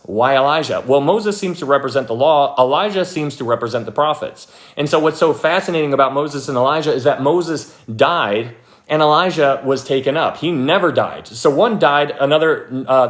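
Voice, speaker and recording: A young man leading a casual livestream Bible study, chatty and animated, thanking viewers by name and acting out quoted people. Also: mid-range voice. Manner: frequent fillers and restarts, thanks viewers by name.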